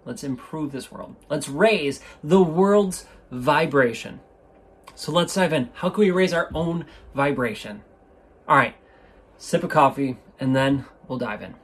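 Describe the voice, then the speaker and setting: Man, podcast host, husky, somewhat high voice, eager rambling chat, indoor mic. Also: lively intonation, a little slow. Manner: enthusiastic, rambling, self-interrupting. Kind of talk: casual solo podcast talk. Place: indoor room with a window. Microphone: studio microphone.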